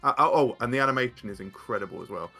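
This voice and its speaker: A man's voice: medium pitch, lively intonation, rapid-fire, vocal fry, bright, forceful tone, faint music behind. A man chatting casually as a guest, rambling with frequent fillers and restarts. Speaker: guest card game content creator. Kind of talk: casual chat.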